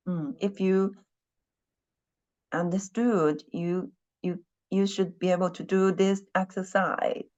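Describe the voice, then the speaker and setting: A woman's voice: mid-range voice, a little mellow, lo-fi sound. A woman teaching a Chinese class online, patiently repeating her questions and humming while she thinks.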